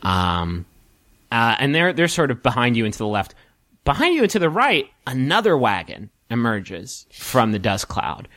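A man narrating as game master of a tabletop game, halting, with many ums and restarts. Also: medium pitch, big pitch swings, fairly bright tone, no echo, studio quality.

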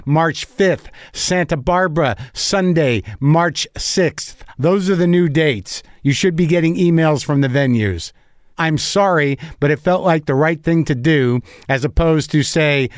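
On the high side and heard in clean, echo-free studio sound, this male comedian's voice comes across stuffy, scratchy and slightly weary. He hosts a podcast, rambling loosely through a casual monologue while cursing freely and poking fun at himself.

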